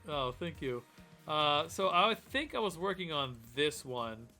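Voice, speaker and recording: A man's voice: a little high, lively intonation, measured pace, pushed and bright, faint music behind. A man hosting a casual live stream, rambling with lots of fillers and restarts. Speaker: host.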